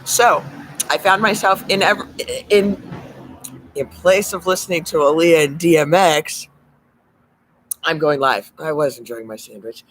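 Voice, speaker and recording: A man's voice: fairly high pitch, unhurried, a bit bright. Rambling, swearing man on a noisy phone stream. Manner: rambling, swearing, often drops to a mumbled whisper. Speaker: livestreamer. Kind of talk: casual live stream monologue. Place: outdoors on a street at sunset. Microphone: phone camera.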